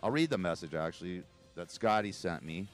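A man's voice: sits low, lively intonation, brisk, soft background music. A man hosting a talk radio show, rambling and emotional in a casual monologue, often laughing, from a studio mic.

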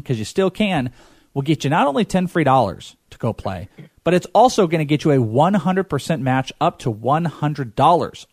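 A man's voice: fairly high pitch, darkish tone, dry recording, studio quality. A man hosting a sports podcast, upbeat and playful, reading a sponsor spot. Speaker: podcast host. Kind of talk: casual podcast hosting with ad read.

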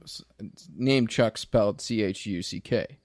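A man with a fairly low voice plays the straight interviewer in an improvised comedy sketch. He asks earnest, rambling questions full of restarts, and his voice sounds dry and close to the mic. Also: unhurried, darkish tone, no room sound.

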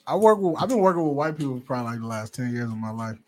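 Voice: medium pitch, animated, rapid-fire. A podcast co-host talking bluntly and casually, swearing freely.

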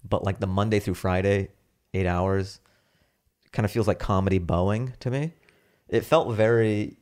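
Male comedian, Seattle-born, deep gravelly voice, rambling casual storyteller. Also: darkish tone. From Seattle, USA. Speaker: stand-up comedian and TV writer, podcast guest. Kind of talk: casual chat.

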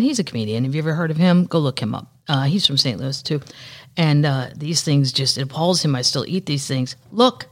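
A middle-aged woman hosting her own podcast, chatting casually with wry, rambling asides. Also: sits low. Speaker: podcast host. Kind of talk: casual solo chat.

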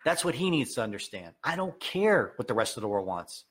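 A man giving an opinionated political rant, heated and sarcastic, with sudden high, emphatic outbursts. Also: big pitch swings, fairly quick, fairly bright tone, slightly rough. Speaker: political commentator.

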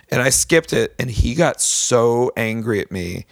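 A man's voice: mid-range voice, normal speed, few pauses, no echo, clean studio sound. A man guest on a podcast, telling a story in casual chat with lots of fillers and restarts. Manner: rambling storyteller, many fillers.

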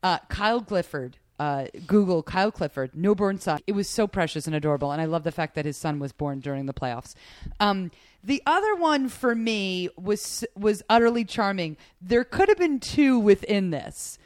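A woman's voice: mid-range voice, lively intonation, moderate pace, no echo, studio quality. A woman hosting a casual sports podcast, chatty and gushing, with lots of fillers. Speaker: podcast host.

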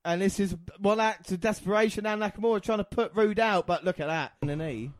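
Excitable high-voiced man calling wrestling. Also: fairly quick, dry recording, clean studio sound. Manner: swings from low muttering to shouting calls. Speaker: podcast co-host. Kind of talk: excited play-by-play of a wrestling match.

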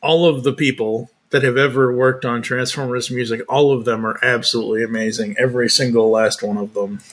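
A man's voice: mid-range voice, flat delivery, a little fast, fairly bright tone. A man in casual podcast chat, enthusiastic and chiming in with short remarks.

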